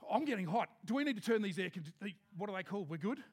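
A man preaching a sermon to his congregation in a lively, joking, conversational way. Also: high voice, quick pace, hardly any pauses. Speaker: pastor. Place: church hall with a congregation.

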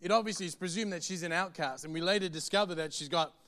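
A man's voice: sits high, fairly bright tone. A man preaching a sermon in an earnest, conversational way. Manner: earnest, conversational, quick to the point.

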